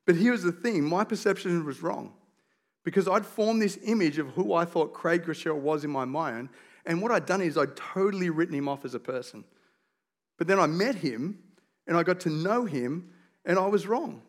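A man with an Australian accent preaching a conversational sermon as a pastor, telling stories with lively, self-deprecating humour. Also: fairly high pitch, moderate pace.

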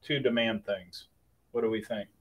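A man co-hosting a casual podcast, joking and telling stories with animated energy. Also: fairly low pitch, moderate pace. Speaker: podcast co-host. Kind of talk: casual chat.

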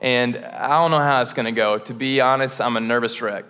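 Pastor, man, mid-pitched, loose conversational sermon, room reverb. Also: brisk, clean tone. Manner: relaxed, self-deprecating, chatty with frequent fillers and restarts. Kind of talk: casual sermon. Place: church auditorium.

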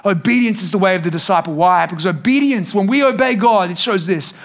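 A male pastor preaching a sermon to a congregation, animated and shouting some lines for emphasis. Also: sits high, fast talker. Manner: animated, shouting for emphasis with playful quoted voices. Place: church hall before a congregation.

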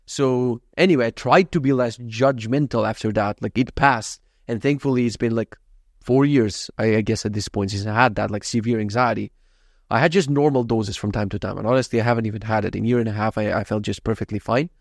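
A man's voice: fairly low pitch, fairly quick, no room sound, clean studio sound. A young man talking candidly in a rambling, confessional monologue, swearing freely and restarting his sentences often. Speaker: software entrepreneur.

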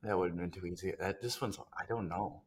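A man's voice: low voice, steady tone, a little fast, slight background noise. A man co-hosting a casual sports podcast, rambling and talking himself through trivia answers. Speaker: podcast co-host.

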